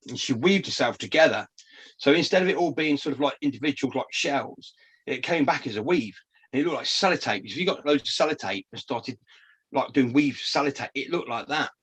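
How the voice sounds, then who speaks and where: A man's voice: medium pitch, breathy edge. A man chatting on a podcast, telling a rambling story with frequent swearing and many restarts. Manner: animated storytelling. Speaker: podcast co-host. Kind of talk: casual chat.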